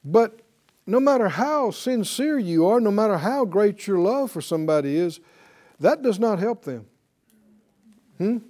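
Slow, high-voiced male Bible teacher. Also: animated, a little mellow. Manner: emphatic, asks the audience rhetorical questions. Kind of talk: sermon-style Bible teaching.

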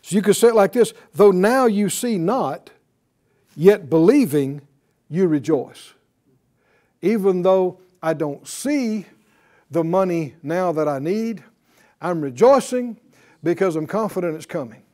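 Lively preacher, male, high and expressive voice, chuckles through his points. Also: a little slow. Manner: lively, laughing asides, quotes scripture, acts out little dialogues. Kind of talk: sermon.

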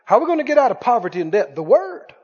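A man preaching a sermon as pastor, emphatic and repetitive, swinging between loud bursts and quiet asides. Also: extremely high pitch, big pitch swings, rapid-fire, slightly rough. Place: church sanctuary. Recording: muffled church recording with long reverb.

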